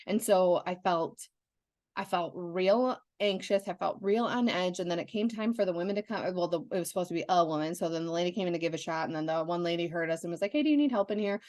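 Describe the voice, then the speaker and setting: Candid, animated woman on a podcast. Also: lowish voice, quick pace, no room sound, studio quality. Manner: candid, animated storytelling with frequent "like" and restarts. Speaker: podcast co-host. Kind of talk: casual chat.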